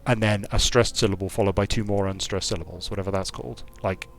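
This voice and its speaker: Low-voiced British man musing while gaming. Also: fairly even intonation, fast, gravelly. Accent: British English. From United Kingdom. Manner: digressive, musing aloud. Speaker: game designer streaming his play. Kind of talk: casual gameplay commentary.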